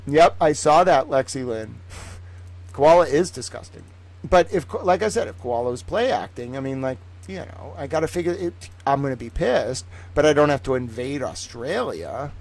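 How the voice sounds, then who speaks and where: A man hosting a casual livestream, talking in an excitable, rambling, profane way. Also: mid-range voice, moderate pace. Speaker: livestream host.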